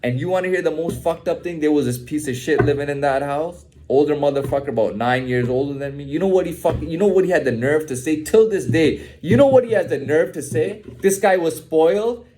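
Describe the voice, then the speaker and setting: A man's voice: on the high side, fairly quick, hardly any pauses, mellow, a little hiss or hum. A man ranting in a heated, profane way, repeating himself and ending lines with "man". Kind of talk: candid personal rant.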